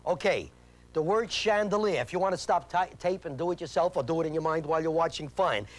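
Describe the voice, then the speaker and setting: A man's voice: a little high, brisk. A man teaching a memory technique on an instructional video, speaking emphatically, repeating his key points and quizzing the viewer. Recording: 1980s VHS instructional tape.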